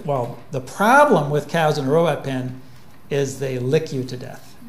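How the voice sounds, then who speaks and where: A man giving a public lecture in a relaxed, humorous way, with plenty of fillers. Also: mid-range voice, measured pace, slight background noise. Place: lecture hall. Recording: echoey lecture room.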